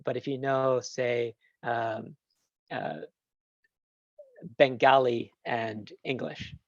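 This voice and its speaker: A man's voice: medium pitch, little pitch movement, drawn-out words, vocal fry, no echo, lo-fi sound. A man answering questions in a talk, enthusiastic and rambling with fillers, heard over a video call. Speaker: guest speaker. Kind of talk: casual Q&A answer.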